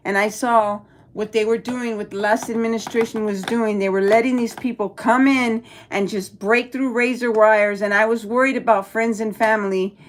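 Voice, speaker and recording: A woman's voice: medium pitch, slight background noise. A middle-aged woman from El Paso, Texas, hosting a casual live stream, reading chat aloud and answering bluntly with plenty of swearing. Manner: blunt, profane, talks back to chat. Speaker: livestream host reading chat.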